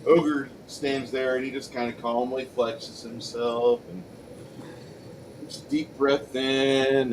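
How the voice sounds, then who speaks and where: A man narrating and running a tabletop game as game master, joking and animated. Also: medium pitch, a little hiss or hum, rough recording. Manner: animated, jokey, breaks into loud shouts and put-on voices.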